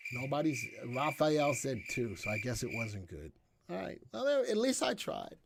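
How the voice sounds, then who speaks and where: A man hosting a live stock market stream, talking in a chatty, energetic way and answering viewer comments as he goes. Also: medium pitch, normal speed, vocal fry, a little hiss or hum. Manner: chatty and energetic, often checking in with "all right?". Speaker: stock market show host.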